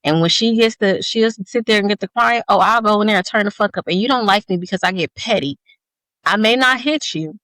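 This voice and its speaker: A woman talks in casual podcast chat, blunt and profane, spinning long stories. Her voice sits at an ordinary middle pitch. The sound is dry and close. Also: a little fast, a bit bright, dry recording. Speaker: podcast co-host.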